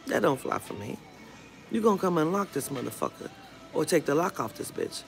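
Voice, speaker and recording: A woman's voice: low-pitched, sing-song, a little fast, gravelly. A woman vlogger telling a storytime rant in a blunt, profane way. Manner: blunt and profane, retelling a run-in. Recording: music playing under the voice.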